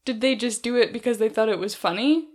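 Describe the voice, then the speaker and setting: Fast and somewhat high-voiced, this female podcast co-host keeps the conversation casual and animated, with plenty of laughter.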